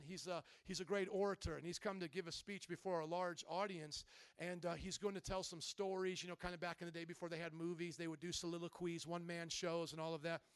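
A male pastor preaches a sermon in a high, smooth, impassioned voice, pressing the congregation with direct questions. The recording is dry, without reverb.

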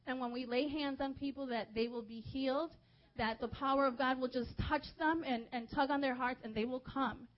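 A young woman preaching a sermon, telling a personal story in a lively, chatty way with lots of "like"s. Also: sits high, moderate pace. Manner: lively, chatty, many filler "like"s. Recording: dull lo-fi recording.

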